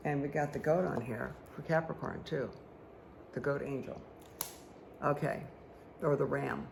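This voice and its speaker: A woman's voice: extremely low pitch, unhurried, creaky, a little hiss or hum. A woman giving a card reading for her viewers, chatty and rambling, who often checks in with "okay?". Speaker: spiritual guide reading tarot and angel cards. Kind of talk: casual talk to viewers while reading cards.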